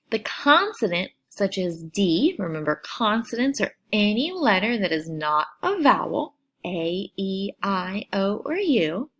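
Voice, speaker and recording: A woman teacher giving a recorded phonics lesson for children, sounding out syllables with slow, clear over-enunciation. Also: medium pitch.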